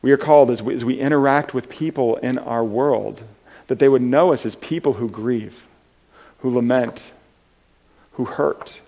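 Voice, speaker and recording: A man preaching a sermon in an earnest, halting way, with many restarts, moving between soft and loud passages. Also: medium pitch, creaky. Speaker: pastor.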